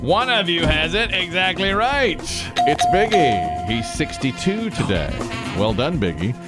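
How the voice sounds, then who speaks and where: A man hosting a morning radio show, upbeat and reading trivia quickly. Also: on the high side, big pitch swings, loud music behind the voice.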